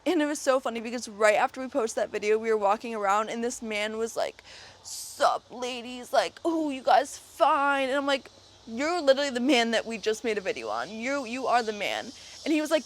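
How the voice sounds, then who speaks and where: Earnest young woman vlogging to camera. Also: fairly high pitch. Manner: earnest, impassioned, with frequent fillers and restarts. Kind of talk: casual talk to camera.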